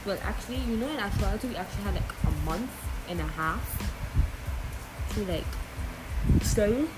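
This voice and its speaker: A young woman from Saint Martin with a softened Caribbean accent, chatting casually and rambling on her solo podcast, laughing often and dropping slang. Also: medium pitch. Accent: Caribbean, softened toward a general English. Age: young adult. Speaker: podcast host.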